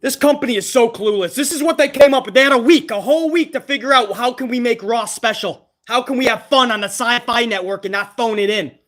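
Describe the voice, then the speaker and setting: A man's voice: very high voice, a little fast, few pauses, fairly bright tone. A man hosting a live reaction stream, commenting on wrestling with exasperated, profane rants.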